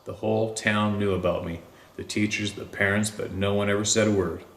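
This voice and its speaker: Low-voiced man narrating slowly in a roomy space. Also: steady tone, fairly bright tone. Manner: slow, deliberate reading with drawn-out pauses. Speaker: story narrator. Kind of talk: scripted narration of a first-person encounter story.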